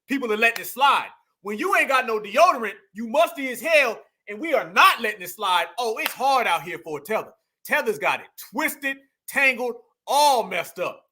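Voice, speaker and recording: A man hosting a livestream, delivering animated, profane ranting commentary straight to his audience. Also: very high-pitched. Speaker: livestream host.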